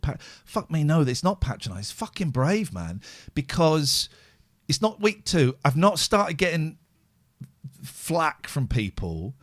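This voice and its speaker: Worn out and drained, this middle-aged podcast host speaks openly and with raw emotion, cursing a lot. His voice is fairly high and fairly bright, captured as clean studio sound without any room noise.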